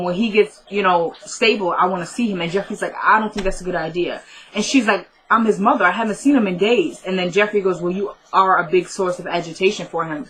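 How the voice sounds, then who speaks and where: A woman's voice: medium pitch, a bit bright, poor audio. A woman casually recapping a TV drama episode, chatty and retelling scenes by quoting the characters.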